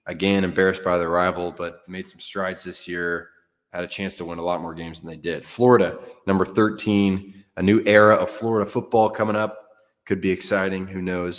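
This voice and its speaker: Man, very deep voice, casual sports host, blunt offhand talk, long reverb. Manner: frank, offhand, with fillers and mild cursing. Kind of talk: casual solo sports commentary.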